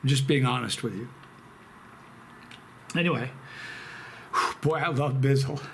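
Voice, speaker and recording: A man hosting a chili pepper channel, talking casually to camera in a rambling, halting, emotional way with many restarts. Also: mid-range voice, creaky, noisy background. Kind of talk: casual vlog talk to camera.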